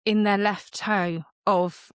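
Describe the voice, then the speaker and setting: A woman's voice: medium pitch, slow pace, clean tone, no echo, clean studio sound. A woman co-hosting a podcast, telling stories in casual chat, laughing often and acting out quotes. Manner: lively storyteller, laughs often, acts out quotes. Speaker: podcast co-host.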